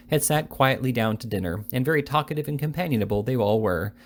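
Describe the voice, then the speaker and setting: Man reading a classic novel aloud. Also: mid-range voice. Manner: steady reading with occasional slips and restarts. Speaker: reader.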